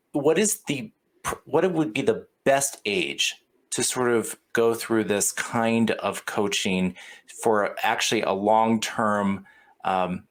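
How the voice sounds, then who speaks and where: A man from Houston, hosting a casual interview and talking with many fillers and restarts. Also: fairly low pitch. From Houston, Texas. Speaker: podcast host.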